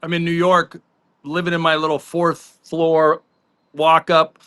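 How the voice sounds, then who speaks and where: Bright-voiced man telling stories. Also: on the high side, monotone, smooth. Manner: chatty anecdotal storyteller, quick asides. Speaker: podcast co-host. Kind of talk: casual sports talk.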